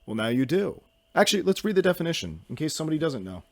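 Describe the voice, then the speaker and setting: A man's voice: on the high side, very animated, fast, no echo. A young man hosting a solo podcast, rambling in a goofy, self-mocking way and jumping from topic to topic. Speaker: podcast host.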